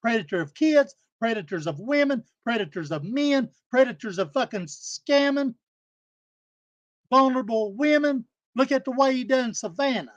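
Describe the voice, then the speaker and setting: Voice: medium pitch, lively intonation, moderate pace, no echo, highs cut off. Aggravated, profane ranter. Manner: aggravated, profane, repetitive scolding. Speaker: live stream panel host. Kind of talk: angry livestream rant.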